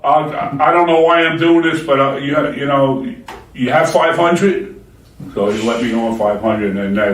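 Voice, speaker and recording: A man in his sixties giving a personal testimony in church, halting and plainspoken with many fillers. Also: fairly low pitch, reverberant, distant mic, poor audio.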